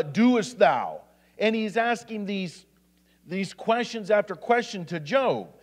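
A man, an assistant pastor from Indiana, preaching a sermon, reading scripture aloud with restarts and asides. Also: sits high. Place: church sanctuary. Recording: church hall with long reverb.

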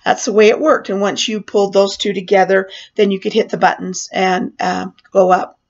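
An older woman telling a personal story with animated delivery, acting out her own panic in a raised voice. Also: mid-range voice, moderate pace. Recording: dull lo-fi sound.

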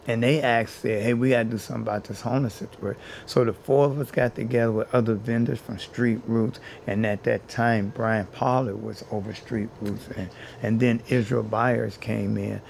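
A man's voice: on the low side, vocal fry, darkish tone, slight background noise. A man being interviewed as a housing activist, telling his story in an earnest way and building his points by repeating phrases.

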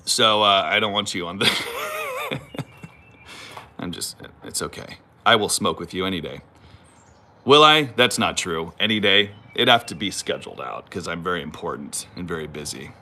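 A man's voice: deep voice, animated, normal speed, pushed and bright, a little hiss or hum. A man in his thirties with a Californian accent, hosting a casual, rambling livestream from home on a phone and reading viewer comments with self-mocking humor. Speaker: channel host. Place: home, moves about the property.

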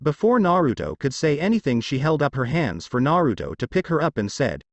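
A man narrating a fanfiction story in an expressive storytelling manner. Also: a little high, brisk, dry recording.

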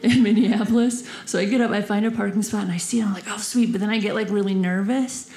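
A woman's voice: medium pitch, fairly even intonation, quick pace, warm tone. A young woman telling a stand-up story in a giggly, bubbly way, acting out the voices of the people in it. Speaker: stand-up comedian. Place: comedy club stage. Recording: roomy club sound with audience.

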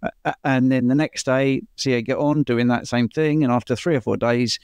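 A man's voice: mid-range voice, steady tone, fairly quick, darkish tone, clean tone, no room sound. A man, a doctor answering viewer questions in a casual chat, explaining things in a chatty way and laughing easily.

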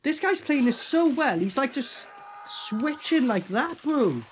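A man's voice: extremely high pitch, a little slow, a little hiss or hum. A man with a British accent casually reacting to a horror film, swearing and laughing. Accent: British English. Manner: animated, swearing, laughing, repeats film lines. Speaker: movie reaction host.

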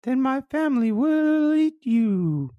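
A storyteller voicing a stern father fish who guards his family, with a very high, slow, warning voice. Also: big pitch swings, no room sound, phone-quality sound, full character voice. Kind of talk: storybook character voice.

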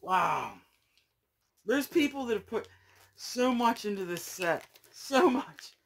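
A man's voice: very high-pitched, animated, slow pace, gravelly, a bit bright, a little hiss or hum. A man opening trading card packs on camera, talking to his viewers in a breathless, exclamatory way. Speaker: card collecting YouTuber. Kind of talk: casual pack-opening vlog.

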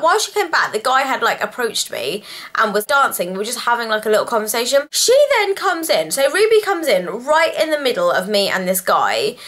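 A woman in her twenties telling a storytime vlog, animated and chatty with lots of "like" fillers. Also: on the high side. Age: 20s. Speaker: vlogger.

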